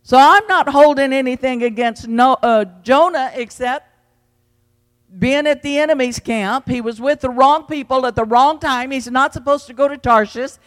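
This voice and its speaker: A man preaching an evening sermon in a church, swinging between loud calls and quiet, low passages. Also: moderate pace. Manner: fervent preaching with big swings in pitch and loudness. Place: church sanctuary. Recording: long hall reverb.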